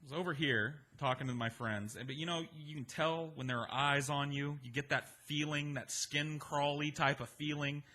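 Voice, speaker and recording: A man telling a comedic story in a casual, profane, animated monologue. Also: a little high, moderate pace, few pauses.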